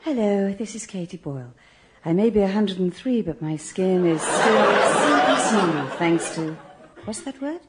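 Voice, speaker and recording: A man's voice: high-pitched, lively intonation, unhurried, over a noisy crowd, heavy background noise. A man doing a doddery 103-year-old lady. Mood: dotty. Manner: vague, forgetful, quavering.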